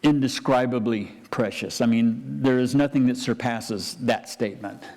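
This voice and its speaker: A man's voice: mid-range voice, moderate pace, darkish tone. A man, a pastor, preaching a conversational sermon with frequent restarts and asides. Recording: church hall reverb.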